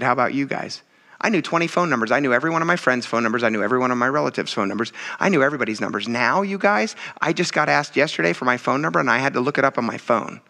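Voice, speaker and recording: A man preaching a sermon in a casual, conversational way, often turning to his listeners and building to loud exclamations. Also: medium pitch, vocal fry. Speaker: pastor.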